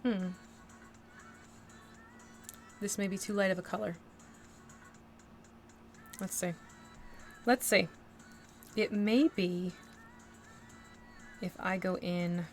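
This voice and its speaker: A woman hosting a casual painting livestream, thinking aloud as she works and answering her chat with bursts of excitement. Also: mid-range voice, slow pace, long pauses, soft background music. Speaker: livestream host painting a miniature. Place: home art desk near an air conditioner.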